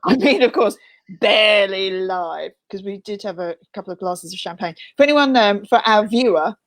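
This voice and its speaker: A woman's voice: medium pitch, lively intonation, normal speed. A woman co-hosting a casual video podcast from a room in a mountain house, playful and teasing. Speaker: podcast co-host.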